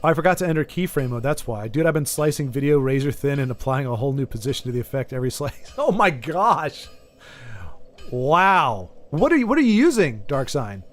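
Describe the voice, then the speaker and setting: A man's voice: mid-range voice, sing-song, brisk, faint music behind. Rambling man chatting over a game. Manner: rambling, thinks aloud with many asides. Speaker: gaming video host. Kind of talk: casual chat while playing a game.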